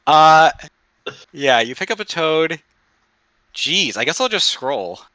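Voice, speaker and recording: A man running a tabletop game, his bright voice rising and falling as he narrates. He stumbles, restarts and curses under his breath at the menus. The sound is dry and close, with no room around it. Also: a little high, very animated, takes it slowly, no echo. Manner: swears and mutters while working the game menus. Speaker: game master.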